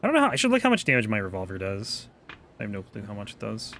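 A man's voice: lowish voice, huge pitch swings, racing, sharp tone, a little hiss or hum. A man giving casual, joking let's-play commentary while playing a video game, muttering asides. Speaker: gameplay commentator.

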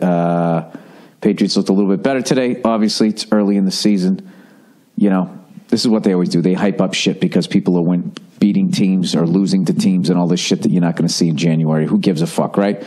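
A man's voice: on the low side, darkish tone. A man hosting a podcast, telling rambling comedic stories in a profane, conversational, self-mocking way. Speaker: podcast host.

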